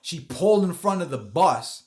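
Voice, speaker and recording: A man's voice: fairly high pitch, normal speed. Profane man telling street stories. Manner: profane, animated storyteller who acts out quotes. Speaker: podcast host. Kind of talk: casual storytelling chat.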